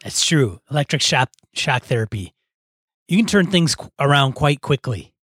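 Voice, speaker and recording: A man's voice: mid-range voice, lively intonation, moderate pace, fairly bright tone, breathy edge, dry recording, clean studio sound. A man co-hosting a podcast, chatting casually and thinking aloud with lots of hesitation. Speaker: podcast co-host. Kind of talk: casual chat.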